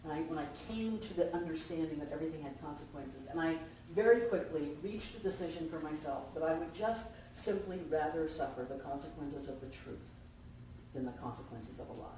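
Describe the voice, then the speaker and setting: Heard from afar through a distant microphone, a woman preaches a conversational Easter sermon in a very echoey church sanctuary, with faint background noise. She speaks briskly in a low, dark voice and poses questions to the congregation.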